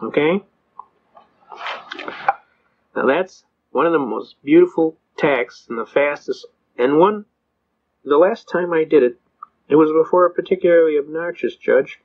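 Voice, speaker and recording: Older man, fairly high voice, folksy courtroom storyteller, acts out the voices, dull lo-fi recording. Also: normal speed, breathy edge. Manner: folksy storytelling, acts out the judge, cop and defendant; chuckles while telling stories. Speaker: constitutional attorney speaker. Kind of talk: anecdotal lecture with acted quotes.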